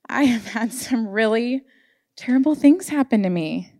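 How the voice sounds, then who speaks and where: A woman's voice: a little high, expressive, normal speed, warm tone. A woman giving an earnest, emotional sermon to her church congregation, sharing personal stories. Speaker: church speaker. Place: church sanctuary.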